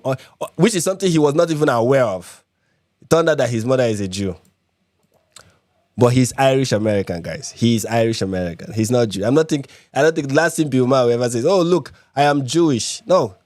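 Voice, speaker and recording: A man's voice: medium pitch, lively intonation, fast, darkish tone, no room sound, studio quality. A man from Nigeria hosting a live reaction stream, repeating his points with emphasis and many fillers. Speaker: livestream host.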